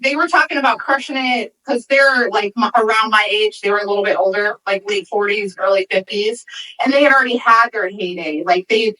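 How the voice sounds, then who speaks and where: A woman in her forties, a newer agent, chatting casually and letting her sentences trail off softly. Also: mid-range voice, a little fast, recorded from a distance, poor audio. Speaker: newer real estate agent. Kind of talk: casual chat.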